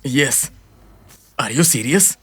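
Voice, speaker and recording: A man's voice: mid-range voice, animated, slow pace, noisy background. A man voicing a fed-up office worker in a dubbed film, grumbling and easily confused. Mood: hesitant. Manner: grumbling, bewildered. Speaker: office employee turned hired agent.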